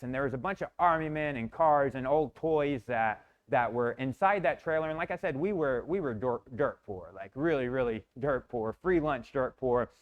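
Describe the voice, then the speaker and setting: A motivational speaker from Florida, USA, tells a personal story with intensity, often repeating words, restarting, and swearing at times. His voice is medium-pitched and the sound is lo-fi.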